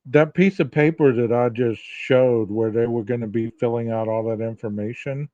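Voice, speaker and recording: A man of middle pitch co-hosts a casual true-crime chat and teases his co-hosts in a chatty way. His voice comes through slightly muffled and dry. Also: fairly even intonation, mellow, no room sound. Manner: chatty, teasing, quick to laugh. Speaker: podcast co-host.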